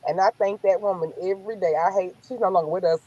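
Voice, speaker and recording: A woman with a Southern US accent, telling stories in a sassy, blunt, animated way during a casual chat. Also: lowish voice, fast talker, highs cut off. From American South.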